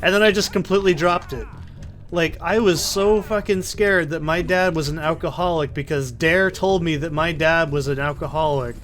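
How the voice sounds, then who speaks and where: A man's voice: a little high, moderate pace, fairly bright tone, soft background music. A man casually commentating a video game, telling a long story with a lot of swearing and digressions. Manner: rambling, profane, self-interrupting. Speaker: let's play commentator. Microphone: desk condenser mic in a soundproofed corner.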